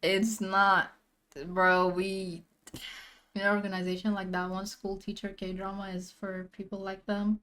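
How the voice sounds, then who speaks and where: Brief: woman streamer, mid pitch, heated reaction talk full of swearing and repeats. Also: monotone, unhurried, a bit bright, clear, resonant tone. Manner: outraged, swears a lot, repeats herself. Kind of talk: casual reaction commentary.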